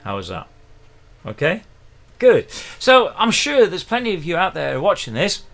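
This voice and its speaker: A man's voice: sits high, huge pitch swings, normal speed, vocal fry, a bit bright, soft background music. A middle-aged man, teaching ukulele in a chatty, encouraging livestream lesson, counting in the beats. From England. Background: faint ukulele playing.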